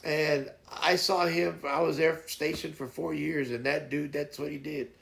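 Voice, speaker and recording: Host, male, very gravelly fry, pitched a bit high, loose rambling storyteller. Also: steady tone, a little slow, fairly bright tone, a little hiss or hum. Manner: rambling, folksy, retells stories with voiced quotes. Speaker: live streamer host. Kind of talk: casual morning chat and storytelling.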